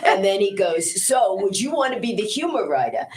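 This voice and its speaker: Fast-talking woman telling a story. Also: mid-range voice, echoey room. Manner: rapid animated anecdote telling with quoted voices. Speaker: guest. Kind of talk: casual storytelling interview.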